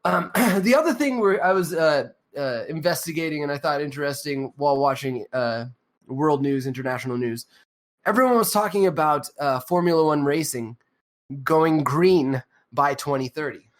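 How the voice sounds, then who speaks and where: A man's voice: a little high, moderate pace. Rambling, cursing podcast host man. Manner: rambling, profane, many fillers. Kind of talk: casual podcast chat.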